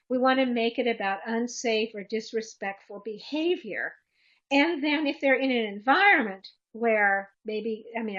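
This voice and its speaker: Bright-toned woman giving safety advice. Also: a little high, muffled recording. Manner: practical, instructive, demonstrates commands aloud. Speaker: presenter answering questions. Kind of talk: webinar Q&A answer.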